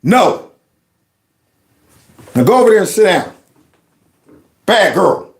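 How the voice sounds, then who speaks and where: A man talks through political clips in a high, lively voice that swings widely in pitch. He is mocking and animated, often slipping into exaggerated mimicry. The room around him is echoey. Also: slow, creaky. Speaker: political commentary host. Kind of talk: casual political commentary.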